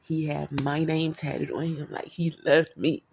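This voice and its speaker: A woman's voice: low-pitched, level tone, unhurried, vocal fry, darkish tone, slight background noise. A woman talking casually into her phone camera, telling personal stories in a rambling, candid, profane way, full of slang. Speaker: vlogger.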